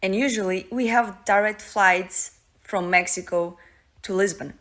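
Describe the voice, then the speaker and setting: A woman from Portugal, a native Portuguese speaker, telling a story in careful, slightly halting English. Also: medium pitch, a bit bright. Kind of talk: casual storytelling clip.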